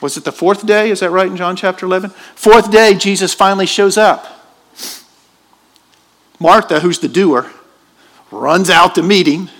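Slightly high-voiced pastor preaching. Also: male voice, moderate pace, pauses often, fairly bright tone. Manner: emphatic, asks the congregation questions. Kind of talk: sermon. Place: church.

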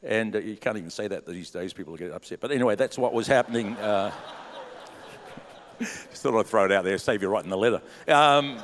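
A man preaching a sermon as pastor, telling stories in a relaxed way and then building to an urgent, rising preaching cadence. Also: fairly low pitch, brisk. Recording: long hall reverb in a church.

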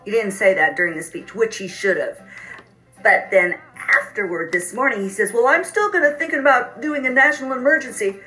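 A woman's voice: medium pitch, bright, forceful tone, poor audio. A woman co-host in casual chat, with a plain, let-down tone.

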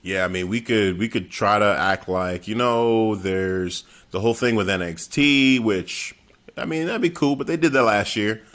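A man's voice: lowish voice, normal speed, a bit bright. A man hosting a casual chat, rambling and correcting himself as he asks questions.

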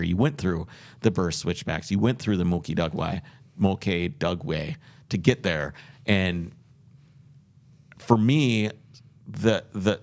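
A man on a podcast telling a long road trip story, rambling and earnest with many restarts. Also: low-pitched. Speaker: podcast host. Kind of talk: casual podcast chat.

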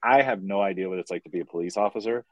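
A man telling wild stories as a podcast guest, profane and animated, acting out the voices of the people in them. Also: deep voice, very fast, dry recording, highs cut off. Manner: profane, animated, acts out quoted dialogue. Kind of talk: casual chat, storytelling.

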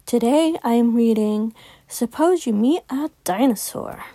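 A woman reading a children's picture book aloud as host of her podcast, expressive and sing-song. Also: on the high side, unhurried, dry recording. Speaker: children's story reader.

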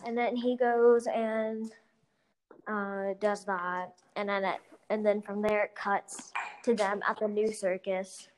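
A woman's mid-range voice, with little pitch variation, slowly retells a movie's plot in a loose, rambling chat. She leans heavily on "like" and "blah blah," and there's slight background noise.

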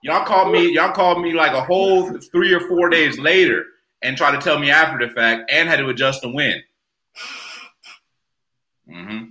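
A man's voice: on the high side, moderate pace, long pauses, pushed and bright, reverberant, low-quality recording. A man on a podcast panel, chatting casually and playfully bragging about getting away with things. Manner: boastful, playful, trash-talking. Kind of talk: joking casual chat.

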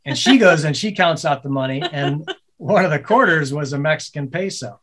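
Guy telling a story on a podcast, kinda high voice, animated, swears a lot, laughs while he talks. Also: fast. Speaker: podcast guest, business co-owner. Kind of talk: casual storytelling conversation.

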